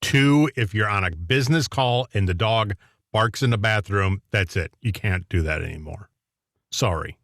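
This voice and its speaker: A man co-hosting a casual radio talk show, opinionated and quick to chuckle. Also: fairly low pitch, a bit bright, no echo, clean studio sound.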